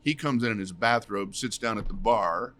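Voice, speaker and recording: A middle-aged man, a comedian guest, telling anecdotes in an unhurried casual way. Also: fairly low pitch, a bit bright. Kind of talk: casual storytelling.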